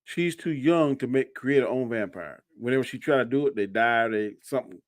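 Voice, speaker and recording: A man chatting enthusiastically on a panel, using casual slang. His pitch swings with lively inflection, and the sound is dry and close with no room around it. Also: a little fast, dry recording. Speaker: panel guest. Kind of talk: casual roundtable chat.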